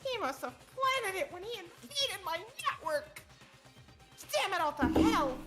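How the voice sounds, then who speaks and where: A shrill, gleeful robot bear taunts with wild swoops up and down in pitch. Its menace is playful and cruel, and music plays behind it. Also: female voice, very animated, a little slow, exaggerated voice. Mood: furious. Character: sadistic cackling robot bear mascot. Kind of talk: game let's play voice acting.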